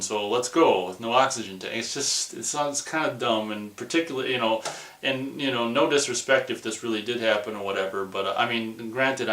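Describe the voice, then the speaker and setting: A man's voice: lowish voice, pushed and bright, reverberant, distant mic. A man giving a casual, rambling movie review, dismissive in tone, full of restarts and fillers.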